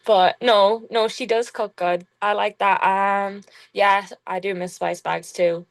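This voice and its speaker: A woman's voice: medium pitch, fairly even intonation, takes it slowly, gravelly, no room sound. A young woman from Kilkenny with an Irish accent, chatting casually as an interview guest and filling gaps with "um" and "like". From Kilkenny, Ireland. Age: young adult. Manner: chatty, laid-back, full of fillers. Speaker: college basketball player, guest.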